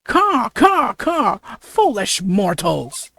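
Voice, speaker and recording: A reader voicing a bombastic male demon king who has taken over a mayor, reading let's play dialogue with booming theatrical proclamations and frequent stumbles over the words. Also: wildly swooping pitch, drawn-out words, gravelly, bright, forceful tone, husky, exaggerated voice. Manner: stammers over the lines.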